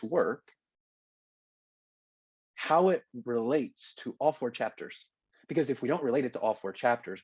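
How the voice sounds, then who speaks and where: A man's voice: mid-range voice, a little mellow, husky, no echo, muffled recording. Man giving a conversational lecture. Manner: conversational, checks in with "okay?". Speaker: teacher. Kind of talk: recorded lecture.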